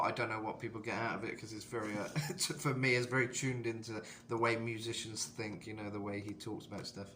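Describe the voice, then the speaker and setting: Bright-voiced young British man. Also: slight background noise. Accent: British English. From England. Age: 20s. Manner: rambling, filler-heavy, breaks into high falsetto demos. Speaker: vocal coach. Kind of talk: casual vocal tutorial.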